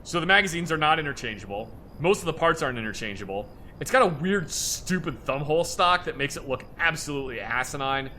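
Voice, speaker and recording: A man's voice: fairly high pitch, expressive, fast, hardly any pauses, sharp tone, a little hiss or hum. A man in casual chat while playing a game, explaining guns at length and swearing casually. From United States. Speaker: gaming video host.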